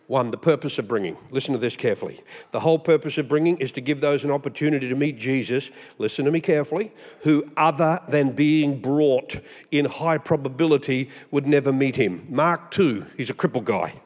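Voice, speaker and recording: An Australian man preaching a sermon, animated and humorous, mimicking voices as he goes. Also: fairly high pitch, breathy edge, long reverb tail. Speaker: pastor.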